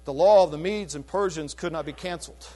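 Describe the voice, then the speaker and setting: A man preaching a sermon, retelling a scripture story in an animated, chatty way with casual asides. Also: a little high, fairly quick.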